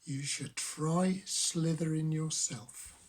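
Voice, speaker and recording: An older man voicing a smug male snake who speaks slowly with drawn-out hissing sounds. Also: on the high side, steady tone.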